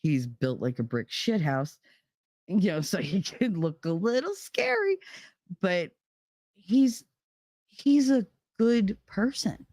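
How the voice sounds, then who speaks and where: A woman's voice: medium pitch, sing-song, slow, pauses often, a little mellow, no room sound, clean studio sound. A middle-aged woman streaming from home, telling a story in casual chat, heated and profane. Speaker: live streamer.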